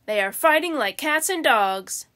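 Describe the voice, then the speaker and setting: Storybook: woman reading folksy wife, exclaiming, high bright voice. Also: animated, unhurried, heavily acted. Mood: amused. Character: middle-aged wife, fond and folksy.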